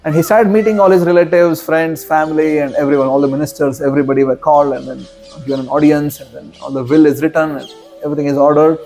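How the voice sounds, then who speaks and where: Mellow man telling a spiritual story. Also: a little high, flat delivery, fast talker, poor audio. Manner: casual, chatty, checks in with listeners. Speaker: spiritual teacher.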